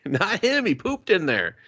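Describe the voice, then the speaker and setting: A man's voice: sits high, wildly swooping pitch, takes it slowly, bright, forceful tone, husky, dull audio. A young man co-hosting a casual movie review podcast, cursing and joking as he acts out the characters in mock voices. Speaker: podcast co-host.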